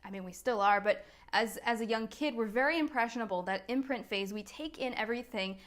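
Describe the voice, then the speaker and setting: A woman's voice: fairly high pitch, a little fast. A woman, a coach talking casually on a live video, chatty and laughing at herself. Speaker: business strategy and NLP coach, host.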